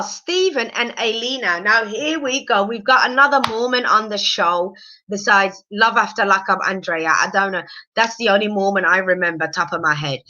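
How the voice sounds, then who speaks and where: A woman recapping a reality show on a casual live stream, animated and opinionated, rambling with fillers. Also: mid-range voice, highs cut off.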